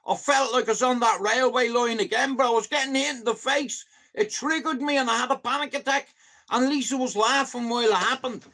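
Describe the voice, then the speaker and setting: A Dublin Irish man chatting casually on a live stream, telling animated stories and swearing freely. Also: very high voice.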